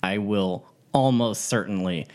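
A man's voice: on the low side, a little slow, a little mellow. A man playing a tabletop game, talking in character with dry, wry humor. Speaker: player. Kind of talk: in-character tabletop role-play.

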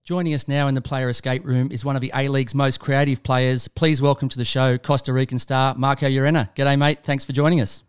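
An Australian man hosts sports talk radio, speaking in a smooth, clear voice. His pitch sits in the middle, and he keeps things upbeat and chatty with friendly banter. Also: level tone, brisk, few pauses.

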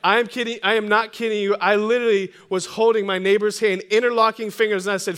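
A young man preaching a sermon, joking and energetic, calling on the congregation to repeat after him. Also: sits high, fast, few pauses, clear, resonant tone. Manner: humorous, energetic, call-and-response with congregation. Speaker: pastor.

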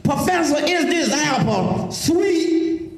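Folksy old white-haired preacher, plain rural talk, high voice, as a preacher puts him on; echoey sanctuary, music under. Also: male voice, lively intonation, slow, crowd noise, full character voice. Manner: folksy rural dialect, homespun questioning. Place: church sanctuary.

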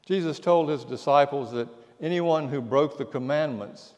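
A pastor delivering a sermon, telling stories and dropping to a hush at the key lines. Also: male voice, fairly high pitch, normal speed, muffled recording. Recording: long church reverb.

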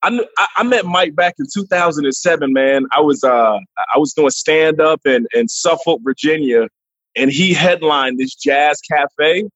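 A husky, slightly high male voice, animated and quick to laugh as he rattles through stories with plenty of restarts. He is on a remote call, and the audio sounds dull and lo-fi, dry with no room sound. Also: dry recording. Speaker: guest comedian. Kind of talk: casual interview chat.

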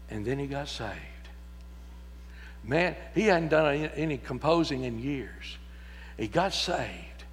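A man preaching a sermon, building emphatic repeated lines up to shouts and breaking into folksy stories, in a church sanctuary. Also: fairly high pitch. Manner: emphatic, repetitive build-ups rising to shouts; folksy storytelling asides. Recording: long church reverb.

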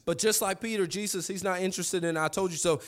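A man's voice: sits high, steady tone, fast talker. A young man, preaching a sermon in a conversational, storytelling way with asides to the congregation. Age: young adult.

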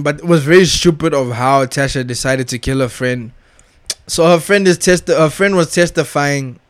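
A young man's voice, pitched a touch high, talking straight into a dry, close mic with no room sound. He rants casually in thick slang, swears freely and leans on repeated filler address words. The delivery is emphatic and restless. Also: no room sound. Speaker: vlogger reviewing a TV show. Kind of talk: casual rant.

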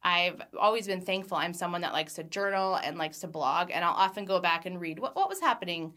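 Reading scripture during an earnest devotional talk, this Christian speaker in her thirties laughs lightly between thoughts and slows down on the key phrases. Her fairly low voice is animated, bright and forceful.

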